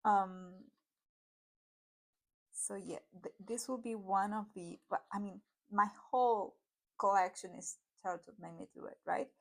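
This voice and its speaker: A woman's voice: medium pitch, fairly even intonation, measured pace, creaky. Woman, Argentine Spanish accent, native Spanish speaker, casual vlog, chatty, apologetic, lots of fillers. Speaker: tarot YouTuber. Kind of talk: casual deck review vlog.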